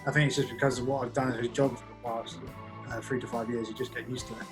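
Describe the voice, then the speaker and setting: A young Englishman in his twenties answers interview questions at a brisk clip. His speech is loose and chatty, full of fillers and restarts. Faint music plays underneath. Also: mid-range voice, level tone. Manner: rambling, many "like" fillers, laughs easily. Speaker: guest magician. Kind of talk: casual podcast interview.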